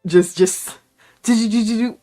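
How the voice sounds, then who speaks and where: A woman vlogger talking casually to camera in a playful, excitable way, hyping herself up. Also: fairly high pitch, moderate pace, faint music behind. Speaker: beauty vlogger.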